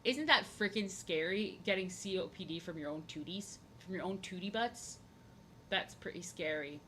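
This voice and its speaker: A woman's voice: fairly low pitch, normal speed, sharp tone, slight background noise. A young woman chatting casually on her drawing stream, rambling, goofy and repeating herself. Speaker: art streamer.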